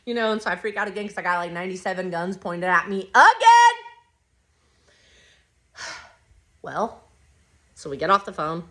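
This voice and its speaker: A woman's voice: mid-range voice, very animated, normal speed, long pauses, pushed and bright. A woman hosting a podcast, telling a personal story in a blunt, rambling way full of swearing. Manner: blunt, profane, rambling retelling. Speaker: podcast host.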